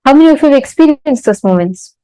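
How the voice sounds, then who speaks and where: A woman leads an online spiritual teaching, slow and deliberate, with a slightly high voice. She asks her audience questions and tells stories, and the sound is dry and close with no room. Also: animated, warm tone, no room sound, rough recording.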